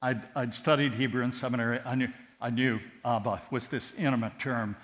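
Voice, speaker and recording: A man preaching a sermon with passion, his voice surging loud on key words and then dropping to a hush. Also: medium pitch, steady tone, fairly quick. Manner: impassioned, swinging between loud emphatic rises and hushed tender drops. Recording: long hall reverb with mains hum.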